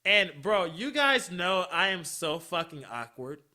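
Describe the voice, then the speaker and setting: A male podcast host tells a personal story in a loose, chatty monologue. His voice has a very bright, sharp edge, and he takes his time, drawing out words. He swears freely and laughs along as he talks. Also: high-pitched, very animated, a little slow.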